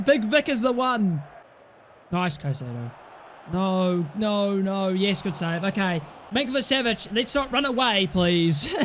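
Excitable young man, game commentary. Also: very high voice. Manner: excitable, swears, shouts at players. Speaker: gaming YouTuber. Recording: faint background noise.

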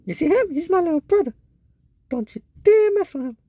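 A man's voice: lively intonation, fairly quick, dull audio. A man voicing a bossy little girl kitten, a protective big sister, in a comic cat-video voiceover. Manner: squeaky, doting and bossy.

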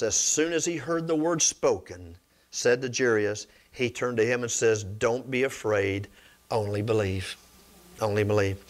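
A man preaches a sermon in a storytelling style, retelling scripture stories and calling on the congregation for amens, his pitch swinging up and down.

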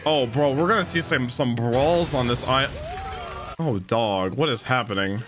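A man hosting an anime reaction video, talking in an excitable, exclamatory, slangy way. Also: medium pitch, normal speed, over music.

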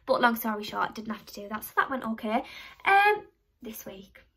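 A woman's voice: fairly high pitch, very animated, normal speed, bright, forceful tone, breathy edge. A young woman vlogging to camera in a chatty, rambling way, poking fun at herself as she tells stories. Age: young adult. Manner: chatty, rambling, self-mocking storyteller. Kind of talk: casual chat to camera.

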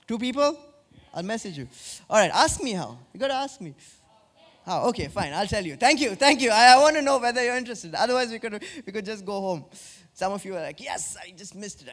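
A man preaching a sermon as pastor, asking the congregation questions and dropping low and slow on key words. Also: fairly bright tone. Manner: drops low and slow for emphasis.

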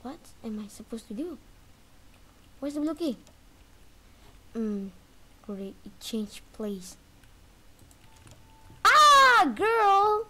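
Excitable woman narrating her gameplay. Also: fairly high pitch, slow pace, long pauses, slight background noise. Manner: animated, talks trash to the game's chaser, sudden yelps and shrieks. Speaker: gaming video creator. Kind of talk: live gameplay commentary.

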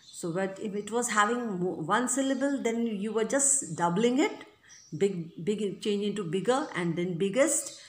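A woman's voice: mid-range voice, reverberant. A woman teaching an English grammar lesson, explaining rules patiently and checking in often with the listener. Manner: patient, repetitive, checks in with "right?" and "okay?".

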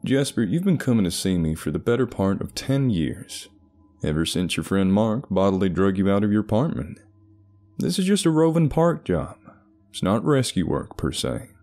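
A man's voice: lowish voice, very animated, normal speed, soft background music. A patient, persuasive therapist, voiced by a man. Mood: reassuring. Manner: reassuring, patient, gently insistent. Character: calm, persuasive male therapist.

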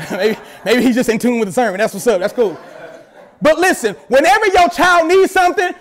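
Male pastor, very high voice, animated sermon delivery with joking asides. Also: a little fast, slight background noise. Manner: animated preaching with playful asides. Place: church service.

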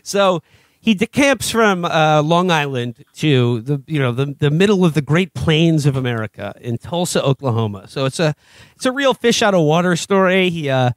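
A man's voice: fairly high pitch, sing-song, normal speed, no room sound. A man co-hosting a comedy podcast, rambling through a TV review with frequent laughs and restarts. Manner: rambling, laughing, doing mock voices of characters. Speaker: podcast co-host. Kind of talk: casual comedic review chat.

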